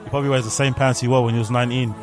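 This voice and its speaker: A man's voice: mid-range voice, flat delivery, very fast, over music. A young man, casually reacting to a livestreamed show, candid and slangy and swearing freely. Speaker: podcast host. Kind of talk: casual live reaction commentary.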